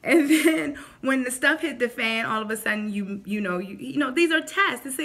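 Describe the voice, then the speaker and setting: Bright-voiced woman giving faith advice. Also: high-pitched, normal speed, hardly any pauses. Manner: animated, acts out quotes in voices. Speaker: faith vlogger. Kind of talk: casual faith talk to camera.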